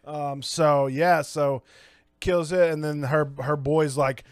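A man's voice: fairly high pitch, expressive, a little slow, no room sound. A man co-hosting a podcast, recapping a movie in casual chat, crude and joking, acting out scenes with sound effects. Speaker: podcast co-host.

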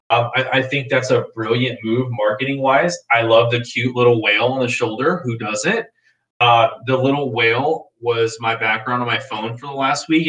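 A man's voice: mid-range voice, a bit bright. Playful man, heard from a roomy distance. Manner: playful, with exaggerated mock-shocked reactions. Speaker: podcast co-host. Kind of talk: casual sports chat.

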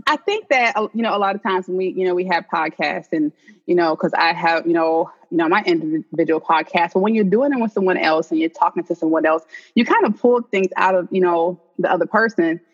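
Brief: woman co-host, husky voice, muffled lo-fi mic, easy conversational manner. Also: lowish voice, brisk. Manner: conversational, many "you know" fillers, laughs often. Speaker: podcast co-host. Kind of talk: casual podcast chat. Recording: dull lo-fi sound.

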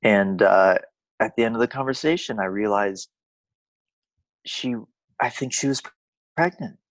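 Dry, low-voiced man in casual podcast chat. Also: dry recording. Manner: rambling storyteller, halting restarts. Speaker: podcast co-host.

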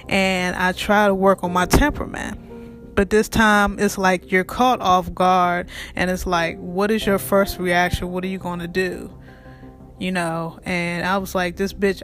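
An animated, profane storyteller ranting straight to the viewers in a casual storytime vlog. The voice sits at a middle pitch, and faint music plays underneath. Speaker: vlogger. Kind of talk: casual storytime rant to camera.

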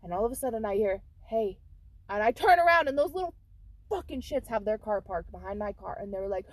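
Recorded dry, a woman talks fast in a medium pitch while co-hosting a casual podcast. She tells a story peppered with swearing, performing the quoted bits with animation.

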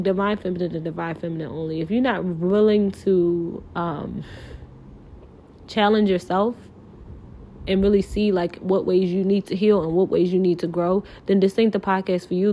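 A woman's voice: lowish voice, steady tone, moderate pace, muffled recording, a little hiss or hum. A woman hosting a podcast alone, talking in an impassioned, pleading way, full of filler words and swearing, close to tears. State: near tears. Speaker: podcast host. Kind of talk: emotional podcast monologue.

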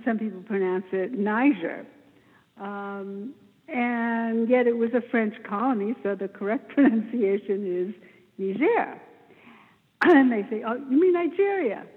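A woman with a somewhat high, breathy, husky voice recounts her charity story in an interview. She talks with animated emphasis and often clears her throat. The sound is thin and phone-like, with a long reverb tail. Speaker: interview guest, charity founder.

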